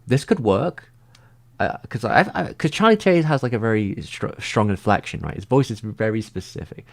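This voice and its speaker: A man in a casual livestream, answering viewer comments and thinking out loud, filling his talk with "like" and frequent restarts. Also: fairly low pitch, animated, moderate pace, creaky. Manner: rambling, heavy use of "like".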